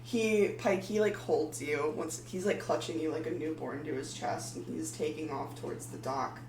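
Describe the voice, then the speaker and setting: A woman's voice: low-pitched, steady tone, moderate pace. A woman narrating as game master of a tabletop game, hesitant and full of filler words. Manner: hesitant, full of ums and likes. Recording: echoey room, far from mic, faint hum.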